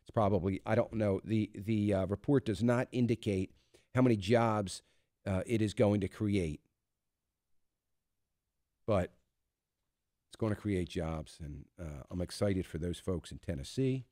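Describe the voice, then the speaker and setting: A man's voice: fairly low pitch, measured pace, pauses often, mellow, dry recording, studio quality. A man hosting a talk radio show, giving emphatic, conversational commentary full of fillers and restarts. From United States. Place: radio studio.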